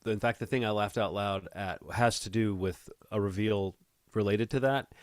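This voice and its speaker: A man's voice: fairly low pitch, moderate pace, dry recording, studio quality. A man from the United States co-hosting a podcast in casual chat, talking in a rambling, wry way full of restarts. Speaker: podcast co-host.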